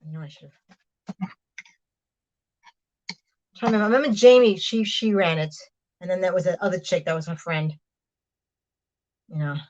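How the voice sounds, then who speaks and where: A woman's voice: lowish voice, moderate pace, long pauses, a little mellow, muffled recording. A woman casually chatting to her livestream viewers while she cooks in her kitchen, rambling with lots of fillers and "hang on"s, often drifting away from the mic. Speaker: livestream host. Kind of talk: casual chat while cooking. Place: home kitchen, moving between rooms. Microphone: device mic, often at a distance.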